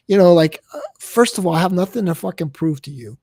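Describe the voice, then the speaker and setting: A man's voice: on the high side, expressive, a little fast, a little mellow, dry recording. A man talking heatedly about a personal hurt, swearing a lot and repeating himself. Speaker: streamer guest. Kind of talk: emotional casual talk on a livestream.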